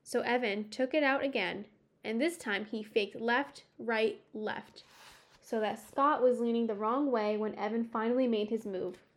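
A woman reads a children's sports story aloud as its narrator. Her voice sits fairly high, and she takes the lines slowly and deliberately. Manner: measured, expressive storytelling. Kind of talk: audiobook narration.

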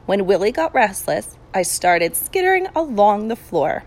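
A woman narrating a children's audiobook chapter in an expressive storytelling manner. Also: medium pitch, unhurried, hardly any pauses, rough recording.

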